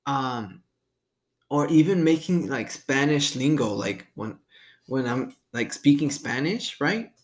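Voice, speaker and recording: A man's voice: mid-range voice, animated, slow. A man in his twenties hosting a podcast in a casual, laid-back, profane way, saying "dude" a lot and laughing often. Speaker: podcast host. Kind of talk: casual chat.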